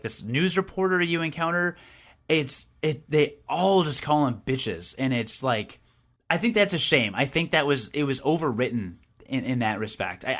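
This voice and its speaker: A young man co-hosting a casual gaming podcast, talking in an opinionated, animated way with frequent restarts. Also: on the high side. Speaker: podcast co-host and game reviewer. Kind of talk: casual chat.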